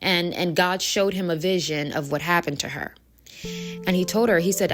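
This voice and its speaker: A woman's voice: on the low side, normal speed, over music. A woman talking casually to her viewers, telling a story in a chatty, rambling way with lots of fillers. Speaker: spiritual coach.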